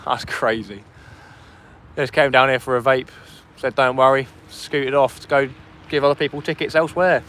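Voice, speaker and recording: A man's voice: mid-range voice, normal speed, a bit bright, slight background noise. A man hosting a fishing livestream in casual chat, talking to viewers outdoors on a phone. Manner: chatty, reads out chat and thanks donors. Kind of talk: casual live-stream chat. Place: outdoors by the sea wall. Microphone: phone streaming vertically.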